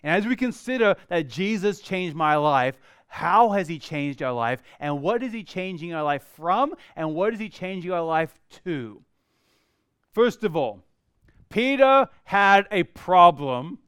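A middle-aged man preaching a sermon in a church, acting out the quoted voices and swinging from loud to very quiet. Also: sits high, big pitch swings, unhurried, clean tone, dry recording, studio quality. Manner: dramatic, acts out quoted voices, varies loudness widely. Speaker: pastor.

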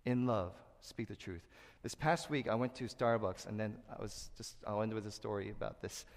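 A middle-aged man preaching a sermon as pastor, who acts out quotes in loud high bursts and sinks to a soft low voice for serious points. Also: steady tone, moderate pace. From Korea. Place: church sanctuary. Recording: long hall reverb.

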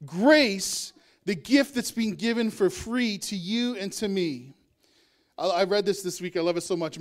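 A man's voice: high-pitched, moderate pace. A male pastor preaching a sermon in a conversational way, with asides and chuckles.

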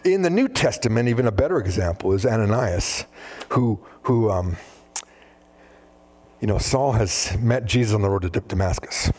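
A man preaching a sermon, animated, often acting out biblical dialogue in different voices. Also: on the low side, normal speed. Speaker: pastor.

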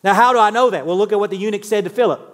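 High-voiced pastor in a reverberant hall. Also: male voice, very fast, a bit bright. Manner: conversational preaching with rhetorical questions to the congregation. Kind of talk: sermon. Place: church sanctuary.

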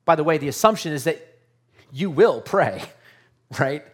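A man's voice: fairly high pitch, lively intonation, normal speed, slightly rough. A man preaching a sermon to his congregation in an earnest, conversational way, often asking rhetorical questions. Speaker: pastor.

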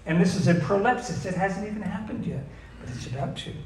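A man's voice: high-pitched, animated, darkish tone, a little hiss or hum. Emphatic male preacher in echoey room. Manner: emphatic, asks the audience questions, reads verses slowly. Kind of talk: sermon teaching on scripture.

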